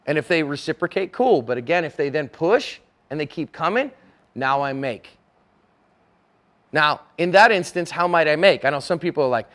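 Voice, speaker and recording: A middle-aged man with a somewhat high voice teaching a room. He talks in a loose, conversational way and slips into little acted exchanges to show his point. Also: expressive, normal speed, a bit bright. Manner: conversational, acts out dialogue in character voices. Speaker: self-defense instructor. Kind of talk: conference lecture.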